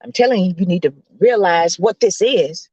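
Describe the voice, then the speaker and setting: A woman host preaching as a self-described coach preacher, emphatic and hollering, her voice swinging high and low. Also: normal speed, mellow, slightly rough, no echo, muffled recording.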